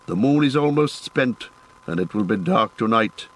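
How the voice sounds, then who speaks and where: A man voicing a weary, steady human ranger in an audiobook, speaking calmly with quiet urgency. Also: medium pitch, normal speed, slightly rough, poor audio. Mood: urgent. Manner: calm, urgent and commanding. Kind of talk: audiobook character voice.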